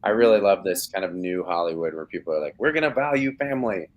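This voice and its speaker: On a muffled recording, a man with a low-sitting, expressive voice talks fast. The thirtysomething actor is chatting from home on a video call for a casual live interview, rambling and restarting often with many fillers.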